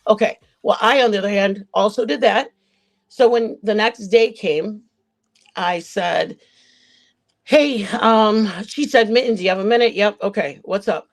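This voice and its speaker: A woman's voice: medium pitch, measured pace. A woman on a livestream panel casually recounting a chat-room dispute, rambling and often correcting herself. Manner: rambling, self-correcting retelling.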